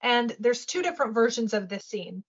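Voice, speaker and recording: A woman coaching casually in a webinar, animated, acting out little voices and often asking "right?". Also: a little high, moderate pace, husky, dull audio. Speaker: webinar guest speaker.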